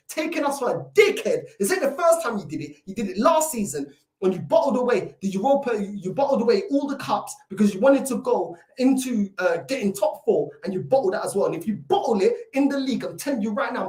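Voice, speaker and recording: A woman's voice: fairly high pitch, expressive, fairly quick, a little mellow, reverberant. A woman hosting a football fan channel, delivering a heated, swearing reaction rant sprinkled with Portuguese words.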